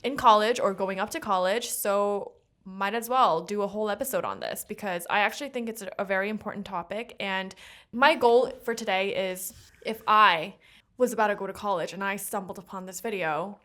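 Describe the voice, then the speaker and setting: A woman in her twenties co-hosting a casual podcast chat, giggly and animated as she tells stories. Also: medium pitch, brisk. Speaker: podcast co-host.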